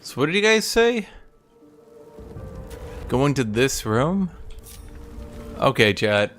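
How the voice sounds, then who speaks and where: A man's voice: medium pitch, sing-song, slow pace, a bit bright, soft background music. A man in his thirties giving casual game commentary to his chat. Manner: chatty, coos baby talk at a cat. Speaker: streamer.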